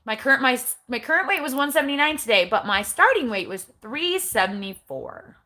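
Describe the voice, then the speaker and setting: A woman's voice: sits high, animated, brisk, pushed and bright. A middle-aged woman chatting casually on a livestream recorded on her phone, blunt and chatty with eye-rolling asides. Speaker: keto vlogger.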